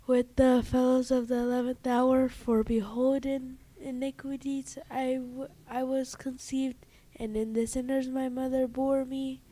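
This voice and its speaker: Woman prayer reader, high mellow voice, slow halting liturgical reading. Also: poor audio. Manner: halting, stumbles and restarts words.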